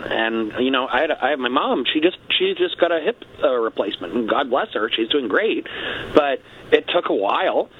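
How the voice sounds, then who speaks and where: A man's voice: medium pitch, narrow, tinny audio, slight background noise. A man, a guest on a satirical talk radio show, rambling and leaning on stock phrases.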